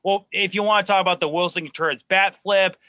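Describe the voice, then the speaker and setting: A man, a guest on a sports chat show, talking fast and excitedly as a diehard fan, often restarting his words. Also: sits high, clean tone, no echo. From Chicago suburbs.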